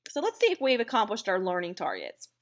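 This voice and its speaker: A woman teaching a recorded writing lesson, explaining clearly and deliberately with occasional fillers. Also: medium pitch, huge pitch swings.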